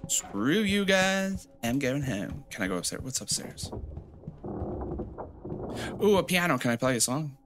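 Faint music sits behind a male gameplay commentator playing a horror game, speaking at normal speed in a sing-song, fairly bright voice with long pauses. He reads the game's notes out loud, cracks sarcastic jokes, and teases the game with sudden high squeals.

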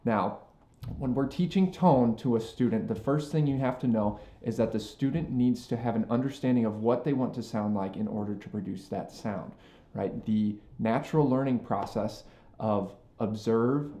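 A man's voice: mid-range voice, moderate pace, warm tone. A man, a music teacher, giving an earnest lesson to band directors and checking in often with "okay?" and "right?". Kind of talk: instructional talk to band directors. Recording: roomy echo.

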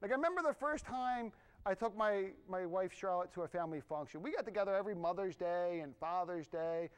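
A middle-aged man preaching a sermon in a conversational, animated way, with asides to the congregation. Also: high-pitched, fairly quick, clean tone. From Irish family background. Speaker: pastor.

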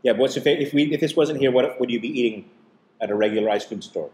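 Chatty dad hosting a taste-test vlog. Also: male voice, medium pitch, fast talker, slight background noise. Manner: chatty, explains and teases gently. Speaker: host and dad.

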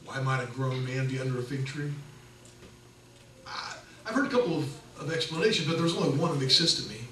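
A middle-aged man preaching a sermon as pastor, conversational and animated, acting out the people in his stories. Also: mid-range voice, brisk. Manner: conversational, animated storytelling with acted quotes. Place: church sanctuary. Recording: echoey church from a distance.

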